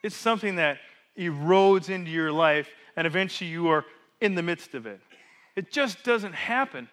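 Bright, high-voiced male pastor preaching. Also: normal speed. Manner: animated preaching with rhetorical questions; swings between loud emphasis and hushed drops. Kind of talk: sermon. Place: church.

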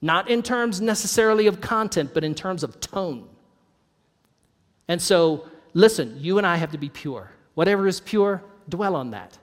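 A man with a high, light voice preaching a sermon, friendly and conversational, slipping in jokes and laughing as he goes. His voice rings with a long reverb, as in a large church hall. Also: expressive, normal speed. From North Idaho. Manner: conversational, joking asides, laughs often. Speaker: pastor.

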